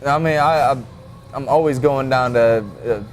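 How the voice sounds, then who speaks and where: A man on a podcast as a guest fighter, easygoing and rambling, laughing easily between thoughts. His voice sits at a middle pitch, with faint music behind. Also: normal speed. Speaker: guest, mixed martial arts fighter. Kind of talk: casual podcast chat.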